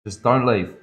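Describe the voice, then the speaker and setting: A man tattooing on a live stream, chatting casually and rambling with his viewers, calling them bro and laughing often. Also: mid-range voice. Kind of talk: casual live-stream chat while working. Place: tattoo studio.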